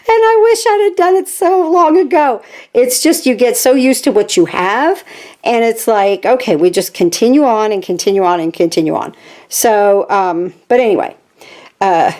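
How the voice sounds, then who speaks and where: A woman in her sixties with grandchildren, a craft channel host chatting casually while she works, animated and full of "okay?" asides. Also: mid-range voice.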